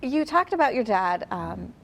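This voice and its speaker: A woman's voice: a little high, very animated, moderate pace, vocal fry, slight background noise. A woman host interviewing a guest, encouraging him with frequent agreeing interjections.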